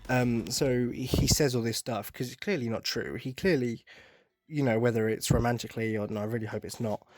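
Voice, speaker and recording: A young man hosting a solo podcast in a loose, rambling way. He keeps cutting himself off with side jokes and second thoughts, at a middle pitch, with faint music underneath. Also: fairly quick, a little mellow, no room sound. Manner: rambling, self-interrupting, joking asides. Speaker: podcast host. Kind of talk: casual solo podcast talk.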